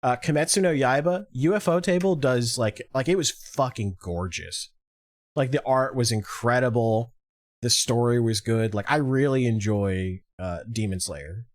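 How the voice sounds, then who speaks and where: A man's voice: medium pitch, moderate pace, no echo, studio quality. A man hosting a casual podcast, talking animatedly and swearing freely as he reads through a list of awards. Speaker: podcast host. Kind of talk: casual chat.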